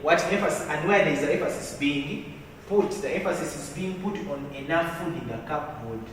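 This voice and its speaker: A male teacher leading a literature lesson in a classroom, asking questions and repeating phrases as he dictates notes slowly. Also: fairly high pitch, a little hiss or hum. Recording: echoey classroom from far off.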